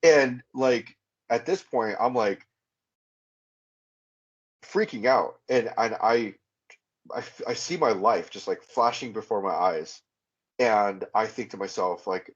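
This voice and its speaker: A man with a husky, slightly low voice tells his own story as a podcast guest. He talks earnestly and haltingly, full of fillers and restarts. The audio is muffled and lo-fi. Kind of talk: personal testimony, recounting a vivid experience.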